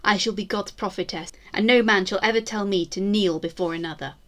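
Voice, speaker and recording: A woman's voice: medium pitch, brisk, a bit bright, natural voice. A woman voicing a defiant, vengeful Tudor queen in grand, declamatory speeches.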